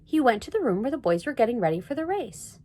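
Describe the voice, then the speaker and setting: Woman, storybook reader, expressive, lively intonation, read-aloud. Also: on the high side, quick pace. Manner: expressive, sing-song read-aloud delivery. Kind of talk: reading a children's chapter book aloud.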